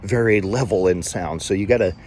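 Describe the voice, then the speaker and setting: A man teaching as a corporate trainer, talking to the camera and stressing key words with deliberate pauses. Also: low voice, darkish tone, slight background noise. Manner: emphatic, varies volume and pauses for effect. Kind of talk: instructional talk to camera.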